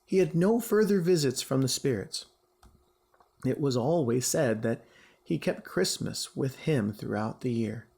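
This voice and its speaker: Teacher guy reading a story out loud, slow, raspy, really animated. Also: mid-range voice. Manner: expressive, emphatic storytelling. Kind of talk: storybook read-aloud.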